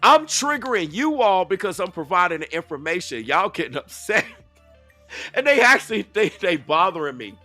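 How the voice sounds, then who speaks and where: A man with a high, lively voice delivers heated commentary, slangy and confrontational. He keeps circling back to the same points with rhetorical questions, sounding bright and dry against faint music. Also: moderate pace, dry recording. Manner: loose slangy talk aimed at the audience. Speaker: commentator reacting to video clips.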